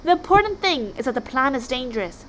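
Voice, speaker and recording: A woman's voice: high voice, sing-song, fast, a bit bright, poor audio. A woman voicing a clever, bookish young Viking boy who talks in a matter-of-fact, persuasive way.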